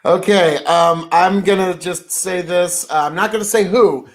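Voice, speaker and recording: A man with a notably high voice, co-hosting a loose podcast conversation. He rambles through a story and swears freely as he goes. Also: unhurried. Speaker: podcast co-host. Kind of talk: casual chat.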